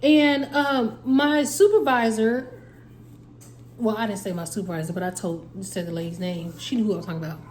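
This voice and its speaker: A woman's voice: high voice, darkish tone. A woman, casually telling a story and acting out both sides of the conversation. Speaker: family vlogger.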